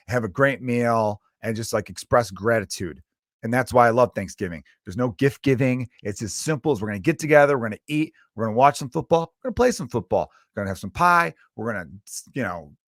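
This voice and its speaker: A man's voice: mid-range voice, fairly bright tone, no room sound. Male comedian, podcast host, swearing rant, exasperated, dry close sound. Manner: profane, exasperated, rambling.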